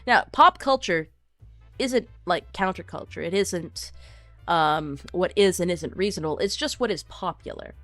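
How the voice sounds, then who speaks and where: A woman's voice: on the low side, unhurried, no echo. Woman streamer, casual opinionated chat, dry close sound, faint music bed. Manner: animated, opinionated, filler-heavy. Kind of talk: casual chat reading viewer comments.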